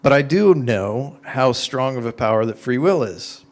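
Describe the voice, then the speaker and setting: A man's voice: medium pitch, normal speed. Man telling stories in a casual talk. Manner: conversational, animated storytelling with many "like"s. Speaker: speaker answering audience questions. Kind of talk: informal talk and Q&A.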